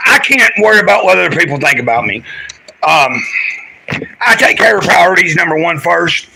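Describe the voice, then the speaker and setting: Gravelly, sharp-voiced man rambling on a livestream. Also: on the high side, lively intonation, brisk, slight background noise, low-quality recording. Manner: rambling, chatty, talks straight to viewers. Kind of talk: casual livestream chat.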